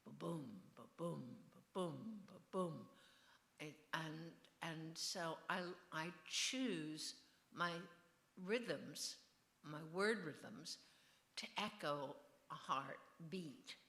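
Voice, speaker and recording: Slow, low-voiced older woman musing wryly. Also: pushed and bright. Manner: musing, digressive and wry. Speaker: novelist being interviewed. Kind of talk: on-stage author conversation. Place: festival venue. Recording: roomy echo.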